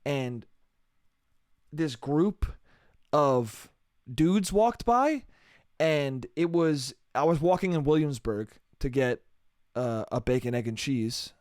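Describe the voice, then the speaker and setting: A young man talks into a close mic in a loose, profane solo monologue, rambling and laughing at his own jokes. His voice sits a little high for a man and comes across smooth and clean, with a dry, deadened sound and no room echo. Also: animated, takes it slowly, long pauses, a little mellow. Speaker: solo podcast host. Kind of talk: casual comedic monologue.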